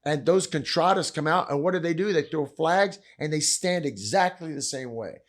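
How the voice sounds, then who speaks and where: An older man, a podcast guest, telling stories in animated conversation, acting out quotes with sudden loud bursts and dropping low for asides. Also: moderate pace. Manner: acts out quotes with big swings in pitch and loudness; drops low and quiet for asides. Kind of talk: animated storytelling chat.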